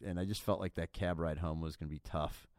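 A man's voice: low-pitched, fairly even intonation, a little fast, darkish tone, no echo, clean studio sound. A man guest on a podcast, telling a story in a laid-back, chatty way with lots of fillers. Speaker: restaurateur guest.

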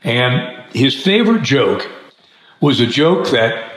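Man, podcast host, animated storyteller, laughs easily, roomy echo. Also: mid-range voice, takes it slowly. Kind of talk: conversational interview with storytelling.

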